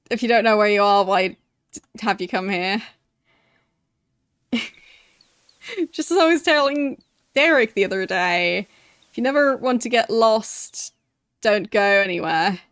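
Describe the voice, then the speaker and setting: A woman's voice: a little high, expressive, measured pace, pauses often, fairly bright tone, dry recording, clean studio sound. A woman voicing a scruffy but dapper male graveyard keeper in a thick put-on accent, evasive and defensive about his work. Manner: puts on a thick gruff accent.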